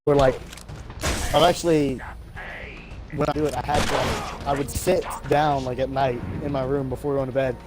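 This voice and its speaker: A man talking casually while he plays a game live, at a middle pitch. He rambles in a relaxed way and curses freely whenever the match goes badly. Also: normal speed, pauses often, over music. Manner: chatty, swears freely at the game. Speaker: streamer. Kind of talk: casual chat while gaming.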